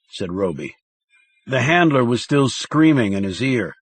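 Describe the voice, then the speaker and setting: Slow, husky male thriller narrator. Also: medium pitch, very animated, no echo. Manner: slow, measured, dramatic reading. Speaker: audiobook narrator.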